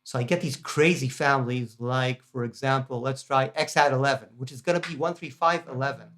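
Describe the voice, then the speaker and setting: A man's voice: medium pitch, fairly even intonation, fairly quick, fairly bright tone. A man teaching guitar harmony in a casual, chatty lesson, enthusiastic and full of fillers and restarts. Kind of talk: casual lesson demonstrating a practice app.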